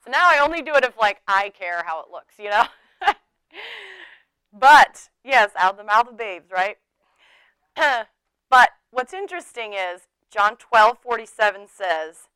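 A woman's voice: on the high side, big pitch swings, unhurried, bright, forceful tone, clean tone, no room sound, rough recording. A middle-aged woman teaching a sermon in a chatty way, laughing often and acting out the people she quotes. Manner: conversational, laughing, acts out quoted speech.

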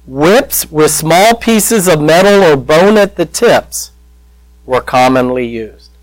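Slow, emotional male preacher. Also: a little high, lively intonation, no echo, rough recording. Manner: slow, emotional preaching with dramatic pauses and dropping to near-whispers. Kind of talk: sermon.

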